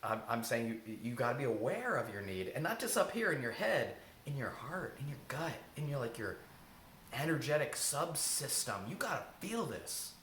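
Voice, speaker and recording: An earnest man coaching in a casual, informal way, now and then letting a swear word slip. His pitch swings widely up and down as he talks. The sound is roomy, with a faint hiss underneath. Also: very animated, moderate pace, fairly bright tone. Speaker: self-help coach. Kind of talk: casual advice talk to camera. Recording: echoey room, faint hiss.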